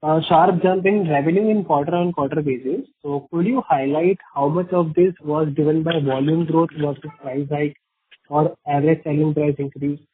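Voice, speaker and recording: Male analyst, slightly higher voice, formal and polite; phone line. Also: steady tone, normal speed, no echo. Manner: formal and polite, reads prepared questions. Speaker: analyst asking questions. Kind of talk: earnings conference call.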